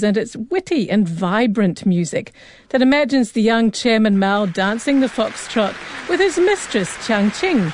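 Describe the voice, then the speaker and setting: A woman reading a scripted introduction to a concert program in a smooth, descriptive way. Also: mid-range voice. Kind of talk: scripted narration.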